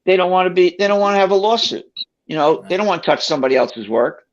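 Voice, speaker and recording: A man's voice: high voice, fast talker. A man telling a personal story in a casual way, acting out the voices of the people in it. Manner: animated, acts out quoted voices. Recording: dull lo-fi sound.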